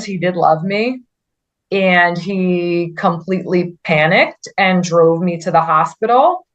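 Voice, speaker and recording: An earnest woman guest tells her own story in a conversational podcast interview, her voice sitting a little low. She speaks haltingly, often stopping to restart a sentence and leaning on "like" as she goes. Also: lo-fi sound.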